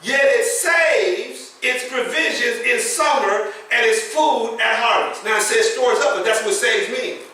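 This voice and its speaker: Male preacher, very high and bright, telling folksy stories mid-sermon, distant mic in a reverberant sanctuary. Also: measured pace, few pauses. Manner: folksy storytelling, laughs at his own jokes. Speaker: pastor. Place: church sanctuary. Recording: echoey church hall, picked up from a distance.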